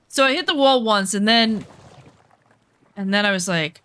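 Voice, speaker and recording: A woman streamer chatting casually while she plays, telling a personal story with a bright, forceful edge to her voice. She speaks candidly and swears freely, acting out what she said in old arguments in a middle-pitched voice. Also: animated, moderate pace, pauses often, clean tone. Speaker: game streamer.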